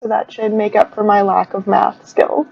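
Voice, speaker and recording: A woman's voice: medium pitch, flat delivery, moderate pace, vocal fry. A woman chatting nervously and self-deprecatingly with friends over a voice call before a tabletop game. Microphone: home setup over a voice call. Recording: slightly muffled call audio with faint hiss.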